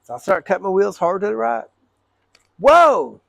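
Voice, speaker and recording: A man, a truck driver, telling a story casually to camera, animated and profane, acting out both sides of an argument. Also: high voice, fast, creaky, dry recording.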